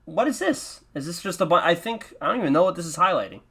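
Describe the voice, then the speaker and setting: A man's voice: sits high, big pitch swings, fast, a bit bright, husky. A man hosting a casual commentary, talking in a profane, self-mocking, rambling way. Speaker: podcast host. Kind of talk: casual commentary on his old videos.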